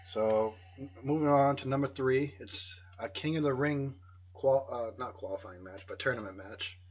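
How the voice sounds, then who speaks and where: A man's voice: medium pitch, normal speed. A man hosting a casual wrestling podcast, teasing his co-hosts as he runs the rankings. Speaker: podcast host. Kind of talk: casual chat. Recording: dull lo-fi podcast audio.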